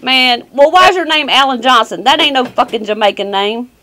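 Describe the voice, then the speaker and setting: A woman's voice: high-pitched, brisk, background noise. A woman on a recorded phone call, confronting and mocking a caller in a sassy, challenging way. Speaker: caller baiting phone scammers.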